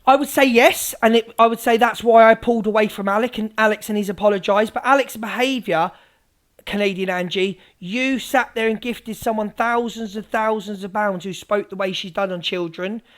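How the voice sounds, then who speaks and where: A woman's voice: mid-range voice, moderate pace. A woman live streamer ranting, sweary, sarcastic and combative. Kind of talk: livestream rant.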